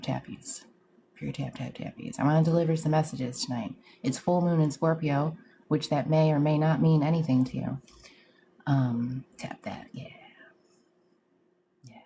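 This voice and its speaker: A woman's voice: rumbling low, vocal fry, warm tone, slight background noise. A woman hosting a live stream as a psychic medium, chatting casually in slang, greeting viewers and laughing often. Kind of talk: casual livestream chat.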